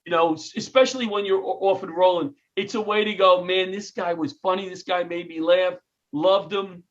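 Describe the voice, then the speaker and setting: A middle-aged man from New York tells stories in an interview with a comic's timing, slipping into other people's lines as he goes. His voice sits high for a man. The sound is a bit dull and lo-fi. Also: moderate pace. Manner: animated, jokey storyteller who acts out quotes. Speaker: comedian and retired firefighter, guest. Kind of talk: storytelling interview.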